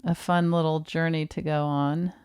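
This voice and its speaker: Middle-aged woman podcast host; dry, halting delivery, low for a woman, clear tone. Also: little pitch movement, darkish tone, no room sound. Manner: dry, unhurried, with many pauses and fillers. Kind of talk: casual chat.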